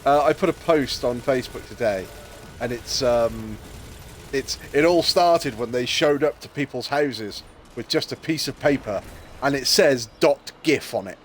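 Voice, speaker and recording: A man's voice: medium pitch, unhurried, slight background noise. A man in casual gaming chat who tells funny stories and acts out the lines he quotes.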